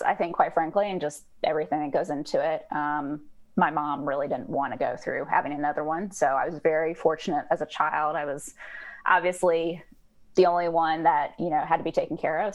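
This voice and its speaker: A woman's voice: deep voice, steady tone, fairly quick, poor audio. A woman from Georgia, a guest chatting openly on a podcast interview. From Georgia, USA. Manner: chatty, explanatory, with fillers.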